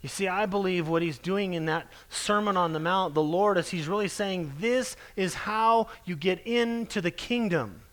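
High-voiced earnest male preacher. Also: a bit bright. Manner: earnest, emphatic, slows down to stress quoted scripture. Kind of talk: sermon.

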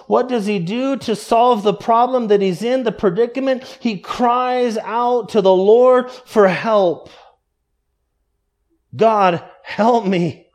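A man preaching a sermon earnestly, dropping low and quiet for emphasis and drawing out quoted prayers slowly.

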